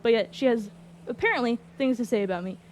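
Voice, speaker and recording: A woman with a fairly high voice tells a story in casual chat. She sounds animated and exasperated and swears often. Faint noise sits under her voice. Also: quick pace. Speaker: streamer recounting a roleplay.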